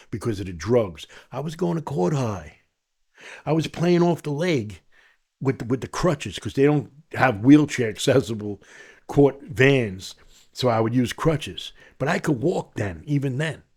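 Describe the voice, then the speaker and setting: A man from New with the to match, talking through his own story on a podcast. He tells it in an animated, streetwise way, slipping into other people's voices as he goes, at a medium, everyday pitch. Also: normal speed. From New York. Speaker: podcast guest. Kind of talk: telling his life story in conversation.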